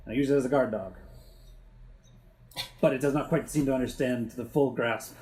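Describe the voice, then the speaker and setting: A man's voice: mid-range voice, moderate pace, darkish tone, echoey room, natural voice. A man voicing a hospitable male halfling who talks in a dry, folksy, worldly way. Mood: apologetic. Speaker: game master voicing a character.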